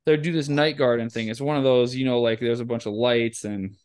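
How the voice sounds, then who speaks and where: A man hosting a podcast who swears freely while telling animated stories. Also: mid-range voice, fairly quick, smooth. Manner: profane, animated storyteller. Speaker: podcast host. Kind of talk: casual storytelling chat.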